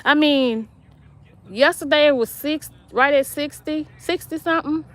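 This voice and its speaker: A woman's voice: high voice, measured pace, a bit bright. A middle-aged woman, chatting casually on a live stream from her yard and reading viewer comments aloud between laughs. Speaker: vlog host. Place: outdoors in a yard.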